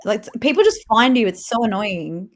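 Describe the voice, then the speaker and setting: A woman's voice: mid-range voice, big pitch swings, normal speed. A woman live-streaming a game, chatting casually with a teammate and greeting viewers, laughing often. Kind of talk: casual live-stream chat while gaming.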